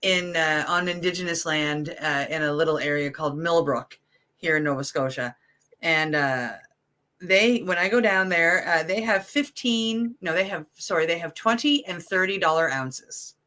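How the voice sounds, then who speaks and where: Woman, co-host, casual chat, relaxed and blunt, bright sharp voice, video call. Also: lowish voice, moderate pace.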